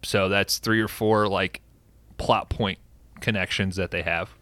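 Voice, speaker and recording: Bright, crisp-voiced man recapping a film. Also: sits low, unhurried, dry recording. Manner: excited and profane, animated storytelling. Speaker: podcast host.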